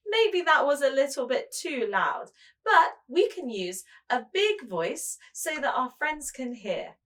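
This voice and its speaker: A woman preschool teacher leading a show-and-tell lesson, speaking slowly and in a sing-song way to small children. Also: high-pitched, very animated, a bit bright.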